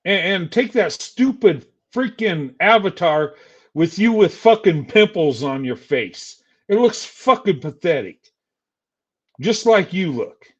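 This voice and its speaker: Older guy ranting mad on a livestream, high-ish voice, kinda muffled lo-fi sound. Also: lively intonation, slow, husky. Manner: angry, insulting, taunting. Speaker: streamer. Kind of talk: heated livestream rant.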